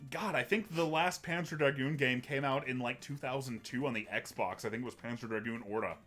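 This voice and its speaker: A man's voice: mid-range voice, a little fast, fairly bright tone, faint music behind. A man hosting a casual livestream, talking in a rambling way with many restarts and fillers. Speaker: host.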